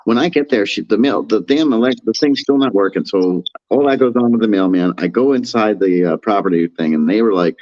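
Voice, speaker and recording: A man's voice: brisk, few pauses, a little mellow, no room sound. Profane New man telling a rambling story. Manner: rambling, profane, acts out quotes in a higher voice. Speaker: podcast co-host. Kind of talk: casual storytelling chat. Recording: dull lo-fi sound.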